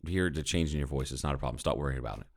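A man's voice: rumbling low, rapid-fire, gravelly. A man co-hosting a casual podcast chat, telling bar stories with plenty of swearing and acting out other people's lines. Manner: profane, storytelling, mimics people in raised voices. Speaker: podcast co-host.

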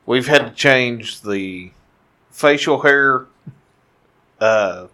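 A man co-hosting a podcast who chats casually and fills in details plainly. His tone is bright and forceful, at a middle pitch. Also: lively intonation, very slow. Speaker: podcast co-host. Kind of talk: casual chat.

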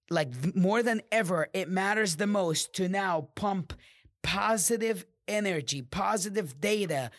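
A man's voice: a bit bright, dry recording. Male podcast host, motivational rant, heavy cursing, dead-dry close mic. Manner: profane, fired-up preaching with sudden drops to low growls. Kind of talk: motivational monologue.

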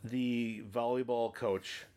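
A man's voice: mid-range voice, flat delivery, slow, darkish tone, smooth. A man co-hosting a casual movie podcast, rambling and swearing as he acts out lines from a film. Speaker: podcast co-host.

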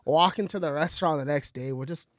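A man in his twenties backing up a friend's story, excitable and quick to laugh. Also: fairly high pitch, dry recording, clean studio sound. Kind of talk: casual chat.

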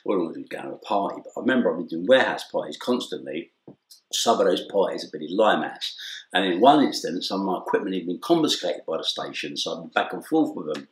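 Speaking quickly in a low-pitched voice, this English interview guest is a middle-aged man sharing an anecdote in casual conversation. He's an animated storyteller who plays out the dialogue and laughs a lot, recorded in an echoey room.

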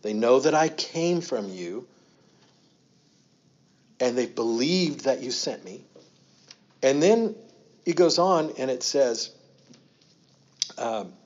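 A middle-aged man preaches a teaching sermon in a conversational tone. He repeats phrases and tosses questions to the room. His voice has a mid pitch, and the recording sounds slightly muffled. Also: a little mellow. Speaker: pastor.

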